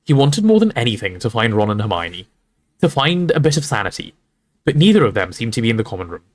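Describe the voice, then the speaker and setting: Speaking quickly at a medium pitch, a man reads a novel aloud for a livestream crowd. He leans into the storytelling with expression and breaks off for easygoing asides to viewers.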